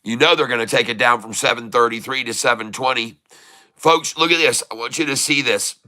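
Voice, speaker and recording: A man giving excited live commentary on his own stock trades, hyping the moves like a showman and repeating prices over and over. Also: medium pitch. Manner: showman hype, drawn-out exclamations, repeats prices. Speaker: day trader streaming live.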